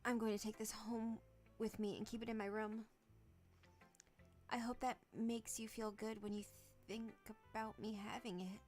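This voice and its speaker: A woman voicing an obsessive, shy teenage girl, reading game dialogue in a soft, low, breathy and creepily devoted way. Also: flat delivery, normal speed, lightly acted. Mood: breathless obsessive. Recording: faint background music.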